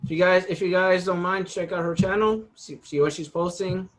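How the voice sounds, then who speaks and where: A man from New York hosting a casual interview, telling lively work stories, acting out his coworkers' lines and laughing often. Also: high-pitched, normal speed. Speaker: host.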